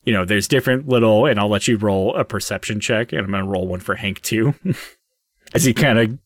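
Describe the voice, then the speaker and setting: Brief: low male game master, loose rambling narration, dry close sound. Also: fairly quick, no room sound. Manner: rambling with many fillers.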